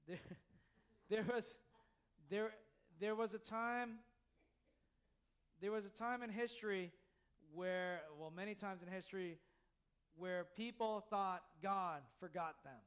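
A man's voice: high-pitched, slow pace, long pauses, fairly bright tone, clear, resonant tone. A man preaching a sermon in church, earnest and full of repetition. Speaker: pastor.

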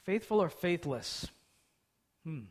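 A male preacher with a notably high voice. He preaches conversationally, asking his listeners questions as he goes. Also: expressive, slow, a little mellow. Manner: conversational, asks the audience questions. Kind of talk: sermon.

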